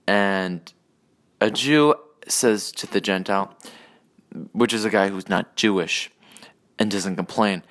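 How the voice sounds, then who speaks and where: A man's voice: lowish voice, slow, pauses often, fairly bright tone. A man hosting his own podcast, ranting alone in a profane, rambling, sarcastic way, full of restarts and asides. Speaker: podcast host. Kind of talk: solo ranting monologue.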